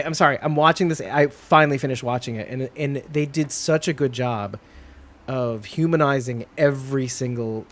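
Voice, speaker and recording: A man chatting casually on a live show, with a middling pitch. He rambles, restarts his sentences and drops into lively quoted voices now and then. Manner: rambling, self-interrupting, lively put-on quotes. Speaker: co-host.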